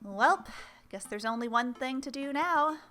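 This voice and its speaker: Young female let's play host, bright tone, chatty and self-deprecating, soft music underneath. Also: high voice, lively intonation, measured pace. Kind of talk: casual game commentary and reading.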